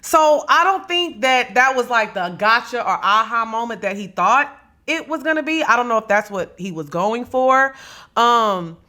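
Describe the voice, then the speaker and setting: Sassy bright-voiced woman podcast host. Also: on the high side, expressive, moderate pace. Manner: sassy, blunt, swears freely, dramatic. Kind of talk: casual gossip commentary.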